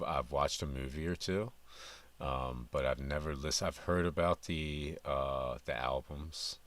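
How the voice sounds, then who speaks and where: A man hosting a reaction stream, chatting casually in a relaxed, halting way with lots of fillers. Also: extremely low pitch. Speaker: reaction channel host.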